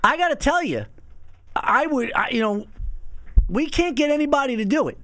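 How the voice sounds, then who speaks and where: A man hosting a casual podcast chat, excitable, laughing often and repeating himself. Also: very high-pitched, moderate pace, no room sound. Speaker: podcast host.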